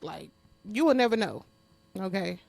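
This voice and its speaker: A woman's voice: medium pitch, expressive, moderate pace, vocal fry, darkish tone, no echo. A woman hosting her podcast in a casual monologue. She talks bluntly with lots of profanity, speaks straight to her listeners and often laughs while venting. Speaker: podcast host.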